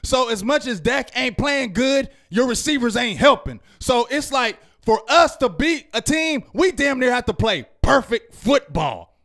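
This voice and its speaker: Guy going off on a postgame rant, real high voice, loud and worked up. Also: animated, a little slow. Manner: loud, fired-up ranting with repeated "you feel me?". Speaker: fan show co-host.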